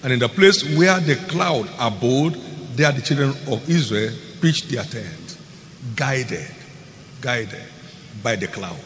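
A man giving a sermon as pastor, emphatic, repeating key phrases and swinging between loud declarations and hushed lines. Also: mid-range voice, animated, slow. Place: large church hall. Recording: long hall reverb, faint noise.

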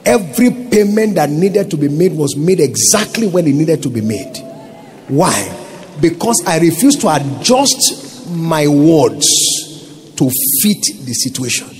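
A man with a Nigerian accent preaches a sermon, his voice sitting high for a man. He drives his points home emphatically and keeps firing rhetorical questions at the congregation. A faint ambient noise runs behind him. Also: animated, unhurried. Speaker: pastor.

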